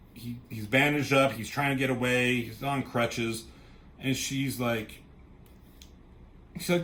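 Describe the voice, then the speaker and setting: A man casually recapping a comic book, swearing freely and popping into quick voices for the characters. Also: mid-range voice, bright, forceful tone, slight background noise. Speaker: comic reviewer.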